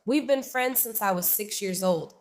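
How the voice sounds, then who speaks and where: A woman's voice: medium pitch, moderate pace, close to an everyday voice. A woman voicing her hurt, sensitive young friend in a retold story, sounding earnest and pleading.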